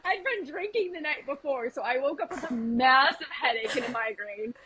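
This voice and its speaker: A woman in her forties with a high voice tells a story on a casual podcast. She laughs often and acts out the voices of the people in the story. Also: expressive, normal speed, a crowd in the background, rough recording. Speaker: podcast host.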